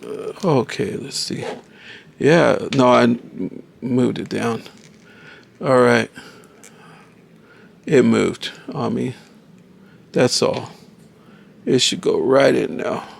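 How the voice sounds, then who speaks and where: A man's voice: medium pitch, takes it slowly, vocal fry, long pauses. A man casually reviewing a toy figure, enthusiastic and often calling viewers folks.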